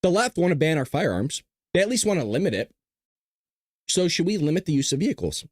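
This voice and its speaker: A man hosting a live stream, talking to the chat in a blunt, casual, combative way and often clearing his throat. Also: fairly high pitch, sing-song, a little fast, no echo, clean studio sound. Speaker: show host. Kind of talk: livestream commentary to a chat.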